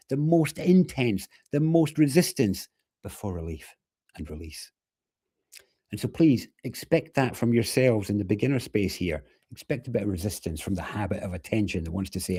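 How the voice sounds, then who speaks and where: A man's voice: mid-range voice, mellow, husky. A man hosting a live webinar, speaking earnestly and imploringly, with a lot of repeated emphasis. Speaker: webinar host.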